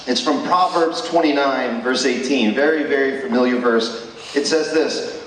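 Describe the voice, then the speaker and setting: A man's voice: mid-range voice, normal speed, fairly bright tone, slight background noise. A man preaching a sermon at a school chapel, emphatic and full of rhetorical questions. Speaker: chapel speaker. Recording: echoey hall, distant mic.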